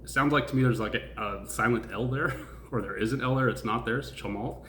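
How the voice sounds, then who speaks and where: A man's voice: mid-range voice, brisk, fairly bright tone, slight background noise. Chatty male stock-channel host, echoey room. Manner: chatty, laughs often, asks the audience questions. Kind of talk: casual video commentary.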